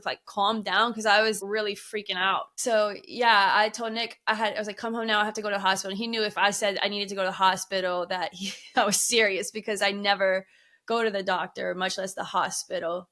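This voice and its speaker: Bright-voiced woman telling a story. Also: mid-range voice, level tone, a little fast. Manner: chatty storytelling with frequent laughs. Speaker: podcast co-host. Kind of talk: casual chat.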